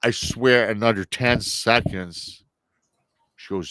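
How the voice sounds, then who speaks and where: A man in his thirties, a podcast guest, telling a personal paranormal story in a casual, animated way and acting out the people he quotes. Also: low-pitched, unhurried, smooth, no room sound. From Michigan.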